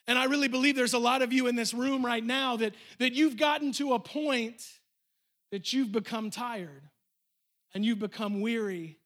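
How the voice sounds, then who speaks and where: Male pastor, sermon, very high voice, bright tone, emphatic storytelling. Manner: storytelling, emphatic, addressing the congregation. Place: church.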